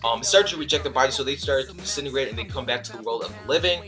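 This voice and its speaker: A young man giving a casual, rambling anime episode review, excitable and full of fillers and restarts. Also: medium pitch, racing, music in the background.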